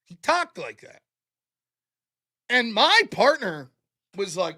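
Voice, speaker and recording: A man's voice: high-pitched, very animated, takes it slowly, pauses often, bright, forceful tone. A man hosting a livestream commentary show, talking bluntly and swearing freely. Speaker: host.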